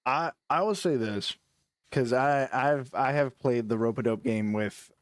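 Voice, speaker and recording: A man's voice: medium pitch, measured pace, dry recording. A man chatting casually on a stream, rambling through stories with lots of restarts and laughing at himself. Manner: rambling, self-interrupting storyteller who laughs at his own stories. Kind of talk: casual chat.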